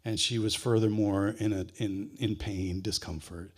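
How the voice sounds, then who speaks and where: A man's voice: fairly low pitch, fairly even intonation. Folksy storyteller man. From rural Wisconsin. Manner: folksy and unhurried, drops to a hush for tender moments. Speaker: humorist author and speaker. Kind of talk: humorous live storytelling. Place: stage at a book festival kickoff.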